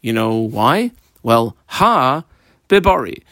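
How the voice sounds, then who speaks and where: A man teaching a Talmud page line by line in a lively, playful way, acting out the characters with modern examples. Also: medium pitch, slow pace, dry recording, clean studio sound.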